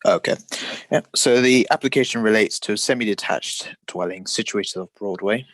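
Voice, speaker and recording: A case officer walks through a planning application in a formal, measured way over a video call. His voice sits fairly low, and the sound is dry and close. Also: a bit bright, no room sound, rough recording. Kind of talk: presenting a planning report.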